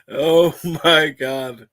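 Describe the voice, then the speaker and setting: A man's voice: medium pitch, bright, forceful tone, no room sound. A man hosting a casual livestream, reading the chat aloud and laughing often. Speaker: livestream host.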